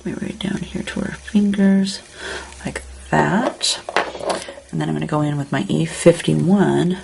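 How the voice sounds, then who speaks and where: A woman calmly talking through a step-by-step card-coloring tutorial, describing each stroke as she works. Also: low voice, measured pace, creaky, noisy background. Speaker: card-making instructor.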